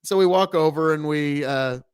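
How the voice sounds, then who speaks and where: A man's voice: a little high, moderate pace, clear, resonant tone, no room sound, clean studio sound. A man from the United States hosting a casual reaction show, talking in a rambling, profane way with many restarts. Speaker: host reacting to a video.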